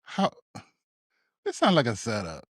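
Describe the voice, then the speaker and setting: A man co-hosting a podcast, chatting in a relaxed way with short replies and questions. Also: medium pitch, a little slow, slightly rough, no echo, studio quality. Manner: laid-back, short responses. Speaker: podcast co-host. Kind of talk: casual chat.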